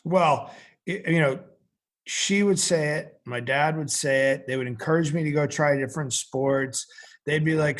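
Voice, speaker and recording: Animated storytelling middle-aged man. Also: a little high, unhurried. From central Massachusetts, USA. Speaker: guest. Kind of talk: storytelling in an interview.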